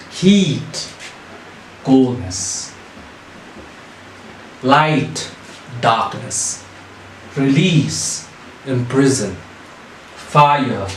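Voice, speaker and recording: Slow, deliberate teacher. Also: male voice, medium pitch, a little hiss or hum. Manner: deliberate, asks questions then answers them himself. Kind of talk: recorded online English lesson. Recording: echoey room.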